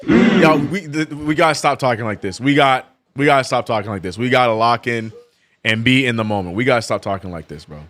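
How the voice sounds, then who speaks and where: Bright-voiced man calling a game live. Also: mid-range voice, lively intonation. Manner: laid-back banter, reads chat aloud, gets loud and drawn-out calling plays. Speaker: streamer hosting a live game watch-along. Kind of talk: casual chat and play-by-play commentary.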